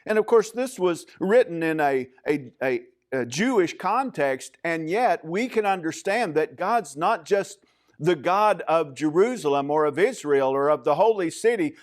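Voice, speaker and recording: Emphatic preaching man, somewhat high voice. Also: expressive. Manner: measured, emphatic preaching with frequent fillers. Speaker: pastor. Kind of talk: sermon. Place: church.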